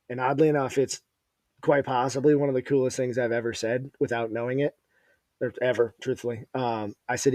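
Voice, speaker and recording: A man's voice: mid-range voice, steady tone, normal speed, dry recording, studio quality. A man hosting a podcast, telling a rambling, profane story in casual chat. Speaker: podcast host.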